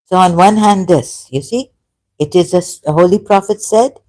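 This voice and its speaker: A man giving an emotional solo commentary, swinging between loud outbursts and quiet asides. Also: high voice, expressive, a little slow, dry recording. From Shia Muslim background. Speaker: ex-Muslim commentator.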